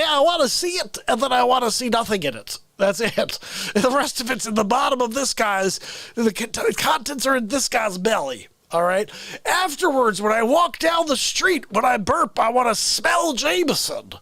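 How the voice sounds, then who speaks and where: A man doing a squealing boozy loudmouth. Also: very high voice, no echo, full character voice. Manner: squealing shouts and giggling fits. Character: boozy rowdy older man character, manic. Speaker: livestream comedy host. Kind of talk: unscripted live comedy improv.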